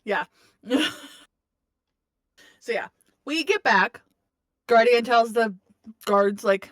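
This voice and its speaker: A woman's voice: on the high side, very slow, pauses often, a bit bright, no echo. A woman co-hosting a casual podcast, recapping a book in a chatty, profane way, laughing often and acting out the characters' lines. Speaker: podcast co-host.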